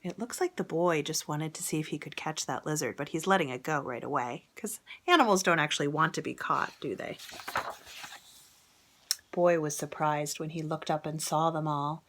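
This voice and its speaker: A woman reading a picture book aloud to children, gently, with whispered asides and questions. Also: deep voice, moderate pace, a little hiss or hum. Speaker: storybook reader.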